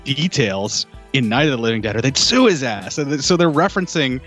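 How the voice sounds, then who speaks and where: A man's voice: medium pitch, expressive, fairly quick, a bit bright, faint music behind. A man chatting casually about an old horror film, talkative and loose, filling his sentences with "like" and "you know". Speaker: film podcast co-host.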